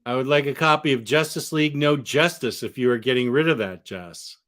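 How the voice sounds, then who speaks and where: A man's voice: medium pitch, a little fast, fairly bright tone. A man chatting casually on a livestream from his apartment, rambling and answering viewers' questions as he goes. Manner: rambling, restarts often, answers chat questions. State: has the hiccups. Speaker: comic book collector streamer. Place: apartment room among bookshelves.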